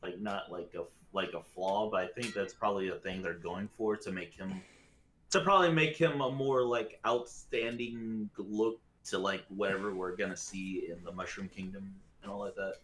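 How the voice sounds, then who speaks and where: A man co-hosting a casual podcast, speaking haltingly and repeating words, with "like" as he searches for them. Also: deep voice, a bit bright, a little hiss or hum. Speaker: podcast co-host. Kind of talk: casual chat.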